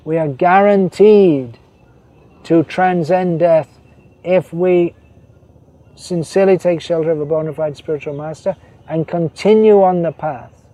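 A man giving a devotional sermon, reading quotations and explaining them, slowing down to stress key phrases. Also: a little high, mellow. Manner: voices quoted figures, slows to stress key phrases. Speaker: preacher.

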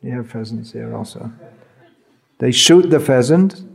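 A man's voice: medium pitch, creaky, husky. A man giving an informal talk as a spiritual teacher, conversational and wry, using everyday examples. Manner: slow, conversational, wry humor, illustrative examples. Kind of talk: informal lecture to an audience.

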